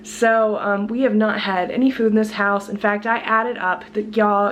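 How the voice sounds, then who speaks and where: A woman's voice: medium pitch, steady tone, normal speed, slight background noise. A woman with a congested voice, chatty and laughing often, filming a casual grocery haul vlog at home. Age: adult student with a job. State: sick, congested voice. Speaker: vlogger. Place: at home, kitchen.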